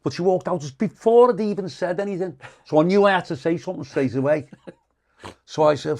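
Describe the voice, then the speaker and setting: Male comic guest, high and gravelly voice, crude swearing storyteller. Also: brisk, dark tone. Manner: crude, swearing anecdotes with acted-out quotes. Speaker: comedian guest. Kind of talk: casual storytelling.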